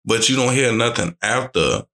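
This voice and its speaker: A man's voice: medium pitch, lively intonation, moderate pace, creaky, bright, forceful tone. A man in a casual chat, agreeing and reflecting on the point.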